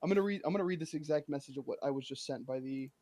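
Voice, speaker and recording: A man's voice: mid-range voice, very fast, warm tone. A young man ranting in casual chat as a streamer, exasperated and laughing as he tells his story.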